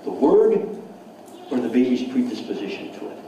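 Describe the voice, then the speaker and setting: A man's voice: medium pitch, very animated, moderate pace, dark tone, slight background noise. A man giving a seminar lecture to an audience, enthusiastic, often repeating words and putting questions to the listeners. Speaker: seminar speaker. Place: seminar hall. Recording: echoey hall, speaker far from mic.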